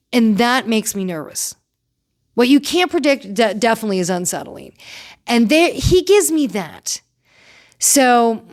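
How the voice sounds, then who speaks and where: Brief: woman, chatty commentary host, opinionated, slightly high-pitched. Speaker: pop culture commentator. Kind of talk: casual commentary.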